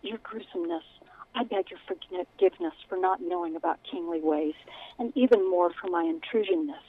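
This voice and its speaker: A woman's voice: lowish voice, normal speed, phone-quality sound, natural voice. A woman voicing a timid young female pack rat who stammers and gushes nervously. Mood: pleading. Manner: stammering, breathless, gushing.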